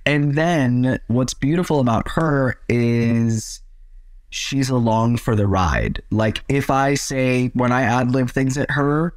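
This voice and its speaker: A man, an actor, chatting as an interview guest and telling set stories with lively acted-out quotes. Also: mid-range voice, slow. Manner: lively storyteller, acts out quotes. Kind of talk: casual interview chat.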